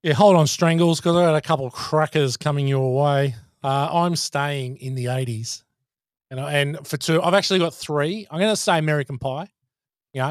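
A man's voice: a little high, dry recording, clean studio sound. A man hosting a casual movie podcast, enthusiastic and steering the segments. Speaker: podcast host.

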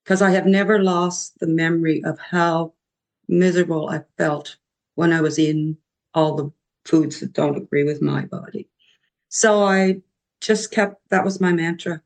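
A woman, a podcast guest telling her recovery story in a reflective, halting way. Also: low voice, fairly even intonation.

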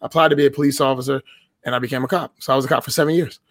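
A man's voice: mid-range voice, steady tone, racing, fairly bright tone, no room sound. A young man telling a story on a podcast in a casual, blunt and profane way. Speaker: podcast guest.

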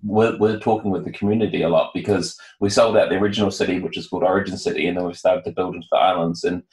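A man with a New Zealand accent answers questions in a casual podcast interview. His voice sits very low, and he talks in a relaxed, halting way with frequent fillers. The recording has a noticeable room echo. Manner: relaxed, hesitant with many fillers. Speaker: guest, founder.

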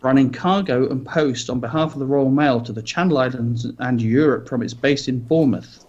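A man's voice: mid-range voice, normal speed, darkish tone, highs cut off. A man co-hosting a podcast, reading news items aloud with chatty asides and light jokes. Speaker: podcast co-host.

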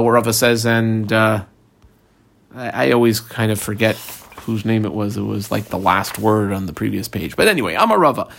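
A man with a fairly low, gravelly voice leads a relaxed daily-page Talmud class. He's conversational and rambling, says "um" often, and walks listeners through marks on the page.

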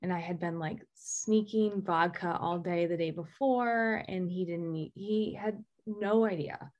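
A woman telling a candid personal story, halting and restarting often with fillers. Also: fairly low pitch, a little mellow, muffled recording. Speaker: guest sharing recovery story.

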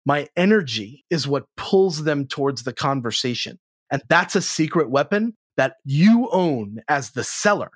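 A man with a fairly high voice talks sales training with blunt energy. He swears freely and jumps up in pitch to stress his points. The sound is dry and close. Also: expressive, unhurried, no echo. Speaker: sales trainer, podcast guest. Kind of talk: casual interview chat.

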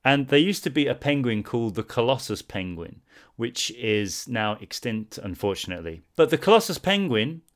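A man's voice: mid-range voice, very animated, normal speed. A man co-hosting a podcast, chatting casually and playfully, acting out little bits as he talks. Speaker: podcast co-host. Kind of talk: casual chat.

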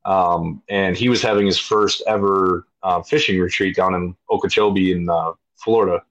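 A man's voice: low-pitched, fairly even intonation, normal speed, a bit bright. A man in his thirties, a veteran guest telling his story in a blunt, profane, casual way, with lots of fillers. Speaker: podcast guest, military veteran. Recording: dull lo-fi audio.

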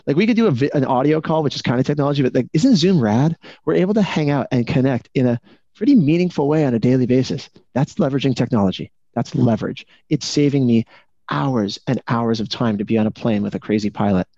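A fast-talking male coach leading a real estate team on a video call, throwing question after question at the group. His tone is mellow and dark. The call audio is dry and muffled. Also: mid-range voice, no room sound. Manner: energetic, asks the group many questions.

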